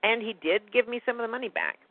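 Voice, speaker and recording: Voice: medium pitch, expressive, quick pace, gravelly, no room sound. A guest telling a personal story in a rambling, indignant way during a casual phone conversation. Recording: tinny phone line, dry.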